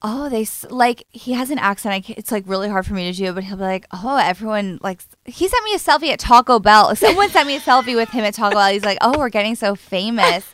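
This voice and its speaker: A young adult woman, a comedian guest, chatting casually and telling stories, often mimicking her mother in a higher voice. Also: lively intonation, fast, hardly any pauses, fairly bright tone. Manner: chatty storyteller, mimics her mom in a high voice. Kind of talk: casual podcast chat.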